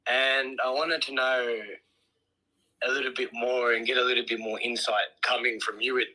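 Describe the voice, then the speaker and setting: A man from Australia, calling into a podcast and chatting in a soft-spoken, hesitant way. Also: mid-range voice, flat delivery, normal speed, rough recording. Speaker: caller. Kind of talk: casual call-in chat.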